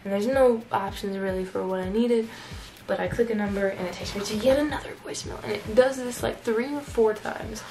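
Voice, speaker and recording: A woman's voice: mid-range voice, brisk, few pauses, dark tone, rough recording. A young woman telling a personal story in a casual vlog, chatty and full of "like" fillers. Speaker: YouTuber.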